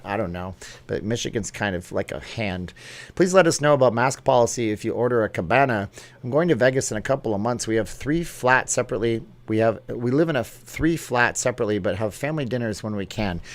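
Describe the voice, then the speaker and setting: A man hosting a casual livestream vlog, chatting in an upbeat way and jumping between topics as he reads viewer comments. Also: medium pitch. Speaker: YouTube vlog host.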